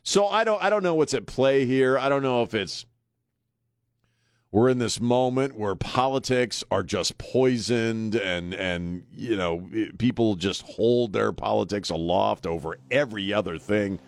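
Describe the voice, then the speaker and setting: Blunt, sarcastic and frequently hesitating with fillers, a man hosts talk radio from a studio microphone in an opinionated monologue. He speaks at a measured pace in a fairly low voice, with no echo.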